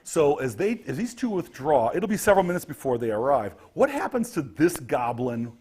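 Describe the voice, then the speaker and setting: A man's voice: on the high side, sing-song, moderate pace, a little mellow, husky. A man running a tabletop game as game master, narrating the scene vividly.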